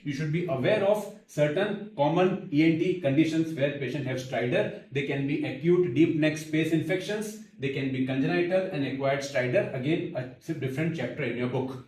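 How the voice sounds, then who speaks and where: This is a man giving an ENT lecture. He moves through his points methodically and keeps repeating key terms. His voice sits a bit high and sounds distant, with a roomy echo around it. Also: a little mellow. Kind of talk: medical exam teaching. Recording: echoey room, voice from off mic.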